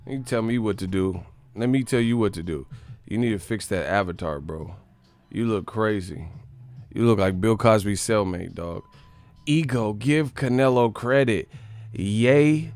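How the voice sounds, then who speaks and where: A man's voice: lowish voice, a little mellow, no echo. A man hosting a live stream, casually reacting to chat with profane, mocking commentary.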